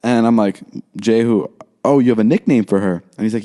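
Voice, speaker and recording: Speaking a little fast with a warm tone, a young man tells a story as co-host of a casual podcast. He voices quotes in a higher register and keeps stopping and restarting amid many fillers.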